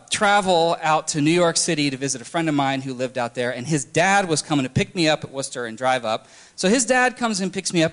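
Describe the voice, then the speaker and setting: A young man telling his personal story candidly, halting often with restarts and fillers. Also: a little high, a bit bright. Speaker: testimony speaker. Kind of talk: personal testimony talk.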